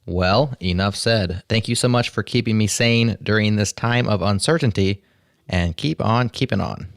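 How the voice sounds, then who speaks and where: A man's voice: fairly low pitch, normal speed, gravelly, no room sound, studio quality. A man hosting a podcast, reading a listener's message aloud in an upbeat way.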